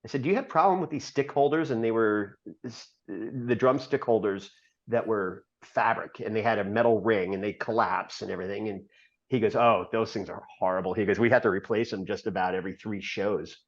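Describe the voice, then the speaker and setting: A man guest on a podcast telling a rambling story in a casual way, full of "uh"s and quick laughs. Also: on the low side, dull audio. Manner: rambling, filler-heavy, laughs often mid-story.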